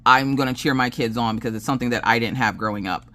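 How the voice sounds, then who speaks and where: A woman's voice: very deep voice, fast, a bit bright. A woman with a Southern American accent chatting casually while she crafts. She tells family stories at length, acting out what everyone said, and swears freely. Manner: chatty storyteller who acts out family dialogue. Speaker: crafting channel host.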